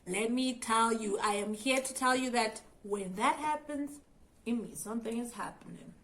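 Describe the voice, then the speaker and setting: A young South African YouTuber with a South African accent tells viewers a storytime vlog about being cheated on, acting out her thoughts and addressing the audience directly. Her voice is fairly high and bright, at normal speed, in a low-quality recording.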